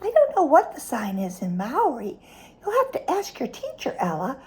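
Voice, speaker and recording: A woman's voice: sits high, moderate pace. A woman reading a picture book aloud to a child, stopping often to ask questions about the pictures. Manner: animated, asks the child questions.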